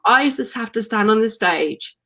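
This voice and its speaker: A woman, a wellness coach and podcast guest, chatting animatedly and telling stories over a video call. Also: on the high side. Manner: chatty, animated storytelling, quick to laugh.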